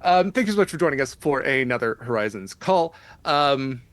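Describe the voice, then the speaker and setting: A man narrating a tabletop role-playing game as game master, slow and deliberate with pauses. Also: mid-range voice, lively intonation, a bit bright, no room sound.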